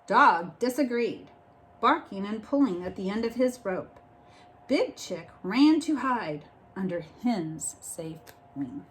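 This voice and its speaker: A woman reading a picture book aloud like a teacher, expressive and pausing to explain the story. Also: mid-range voice, a little hiss or hum.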